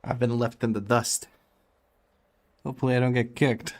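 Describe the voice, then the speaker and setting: A man's voice: medium pitch, level tone, moderate pace. A young man chatting casually while streaming a game, reading and answering chat with frequent laughter.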